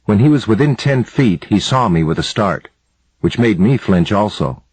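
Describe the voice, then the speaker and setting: A man narrating an audiobook in the first person with steady, even storytelling. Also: lowish voice, moderate pace, slightly rough, dry recording, rough recording.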